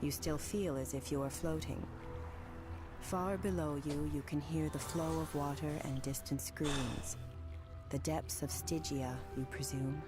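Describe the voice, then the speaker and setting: Low-voiced woman narrating. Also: over music. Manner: even, measured reading with no fillers. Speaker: narrator of game text. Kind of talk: scripted narration.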